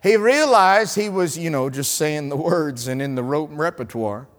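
A man with a Southern US accent from North Carolina preaching a sermon as an evangelist, telling stories and swinging between loud lines and hushed ones. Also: fairly high pitch, animated, moderate pace, in a large hall. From North Carolina, USA.

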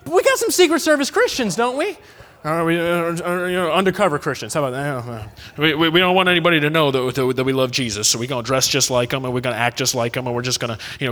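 Animated preacher from Massachusetts, high and lively. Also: male voice, fairly quick. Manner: emphatic, animated, shifting between loud declarations and quiet asides. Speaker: evangelist preacher. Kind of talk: sermon. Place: church sanctuary. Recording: long reverb of a church hall.

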